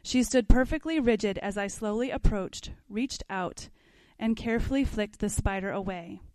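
In a mid-range, slightly mellow voice at a moderate pace, a woman reads passages from a book to her parenting class and adds casual remarks. She's conversational and asks the class questions; the recording is dry.

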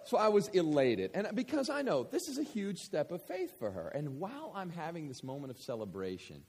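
A man in his thirties, a pastor telling a story in a sermon, going from hushed to shouting. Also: a little high, wildly swooping pitch, brisk, slightly rough, big-room sound. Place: church hall with audience.

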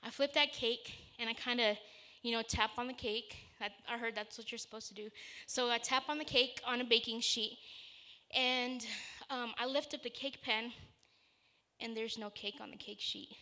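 A woman preaches a sermon in a bright, forceful voice pitched a bit high, with a steady tone and moderate pace. Earnest and conversational, she leads from a personal story into scripture.

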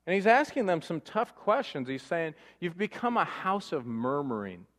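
A male pastor delivering a lively sermon in a fairly high voice, peppering it with rhetorical questions. He slips into mock-whining voices to act out grumbling crowds. His words ring out with a long reverb, as if from a large church hall. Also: moderate pace. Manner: animated, rhetorical questions, mock-complaining voices for comic effect.

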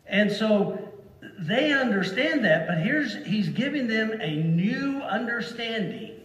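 A man preaching a sermon to a congregation, slow and deliberate, leaning hard on single words to stress them. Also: high voice, animated, fairly bright tone, highs cut off. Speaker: pastor. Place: church sanctuary. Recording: echoey hall from far off.

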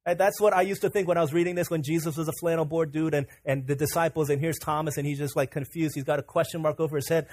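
Lively young preacher acting out stories. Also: male voice, a little high, quick pace, hardly any pauses. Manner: animated storytelling, acts out voices of people in his examples. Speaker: pastor. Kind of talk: sermon.

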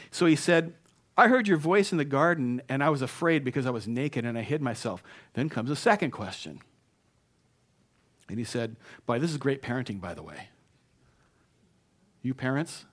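A man's voice: medium pitch, a bit bright. A man preaching a sermon in a conversational way, stumbling into restarts and rising into emphatic bursts. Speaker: pastor.

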